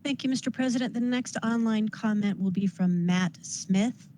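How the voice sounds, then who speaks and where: A woman clerk at a public meeting, softly calling the next speaker. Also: on the high side, moderate pace, a little hiss or hum. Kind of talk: reading out speaker names.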